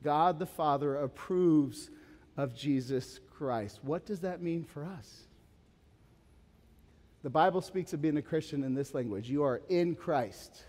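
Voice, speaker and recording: Animated man preaching in a reverberant hall. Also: sits high, normal speed. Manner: animated, rising to urgent emphasis and dropping to quiet; conversational asides with casual fillers. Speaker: pastor. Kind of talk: sermon.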